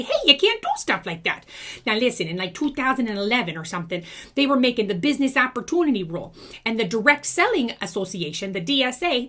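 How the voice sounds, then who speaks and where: A woman putting on a bossy older former schoolteacher, blunt and folksy, who lectures and scolds her viewers in a comic monologue. Her voice sits fairly high and swoops up and down with lively, animated inflection. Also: exaggerated voice. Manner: scolding, chatty, talks straight to viewers. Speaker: video creator. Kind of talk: comedic character monologue.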